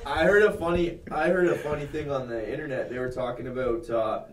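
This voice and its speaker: A man's voice: medium pitch, steady tone, brisk, recorded from a distance. A man in casual chat, laid-back and swearing casually. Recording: roomy sound from off-mic with faint hiss.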